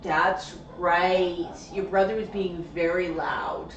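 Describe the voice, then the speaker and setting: A woman's voice: lowish voice, slow, dull audio. A woman talking casually and coaxingly to her pet parrots during a live stream. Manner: coaxing, sing-song talk to birds. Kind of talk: casual talk to pet birds. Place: indoor room with pet birds. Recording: echoey room, voice from far off mic, faint hiss.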